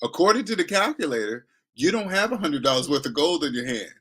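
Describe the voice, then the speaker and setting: A man's voice: on the high side, sing-song, quick pace, a bit bright, husky. A man giving a blunt, slangy money lecture in a casual monologue. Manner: blunt, lecturing, slangy, mocking voices he imitates. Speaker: finance commentator.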